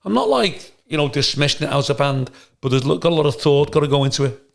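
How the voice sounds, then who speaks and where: A man with a gravelly voice, talking bluntly and with plenty of swearing as he co-hosts a casual podcast chat and tells animated stories. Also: fairly high pitch, fast. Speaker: podcast co-host.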